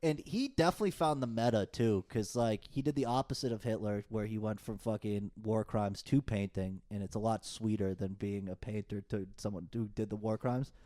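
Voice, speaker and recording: A man's voice: lowish voice, moderate pace, hardly any pauses, dark tone. A young man, chatting on a podcast in long, rambling, profane rants. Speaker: podcast co-host. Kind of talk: casual chat.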